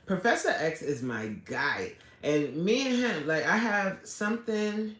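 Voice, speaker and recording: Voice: medium pitch, sing-song, unhurried, few pauses, fairly bright tone. An adult livestreamer chatting casually with viewers, greeting them by name and pleading for subscribers. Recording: echoey room.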